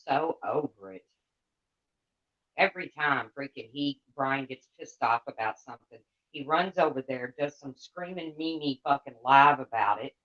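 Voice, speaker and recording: A woman's voice: extremely low pitch, normal speed. A woman livestreamer rants to her chat in a blunt, heated voice and swears freely. The sound is dull and lo-fi.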